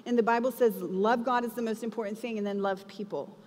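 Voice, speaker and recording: Young woman preacher, fairly high voice, chatty and animated, long church reverb. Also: fairly quick. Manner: conversational, expressive, acts out quotes. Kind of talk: sermon. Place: church hall.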